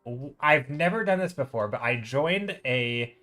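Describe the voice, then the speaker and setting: A man's voice: mid-range voice, lively intonation, unhurried, sharp tone, soft background music. A man live-streaming while painting digitally, chatting casually and thinking aloud as he greets viewers in chat.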